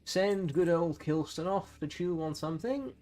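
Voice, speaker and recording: A man's voice: a little high, normal speed, darkish tone, faint music behind. A man giving sarcastic, exasperated running commentary while streaming a game. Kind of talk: live gameplay commentary.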